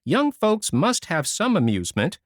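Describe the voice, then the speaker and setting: A man reading a storybook voices a timid, cheerful older woman who speaks gently and earnestly. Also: sits high, wildly swooping pitch, normal speed, no echo, studio quality, voice pushed up. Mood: earnest hope.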